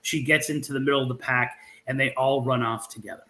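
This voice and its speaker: A man's voice: mid-range voice, fast, poor audio. A man, a guest author and researcher, telling a local legend in an interview with restarts and fillers as he goes. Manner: animated storyteller with frequent restarts and fillers.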